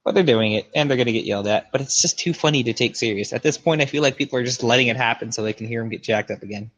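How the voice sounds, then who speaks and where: A man's voice: medium pitch, racing, fairly bright tone. Blunt laughing podcast man. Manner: laughs a lot, blunt and sweary. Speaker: podcast co-host. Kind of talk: casual chat.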